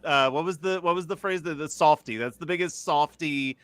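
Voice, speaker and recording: Male panelist, podcast producer; bright, higher-leaning voice; laughs easily in casual livestream chat. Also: brisk, clear, resonant tone, no echo. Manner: chatty and laughing, self-deprecating storyteller.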